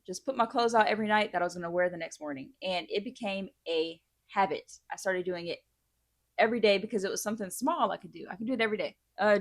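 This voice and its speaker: Woman, thirties, casual advice vlogger with a blunt, swear-happy delivery, mid-pitched, close and dry. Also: no room sound. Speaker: advice vlogger answering viewer questions.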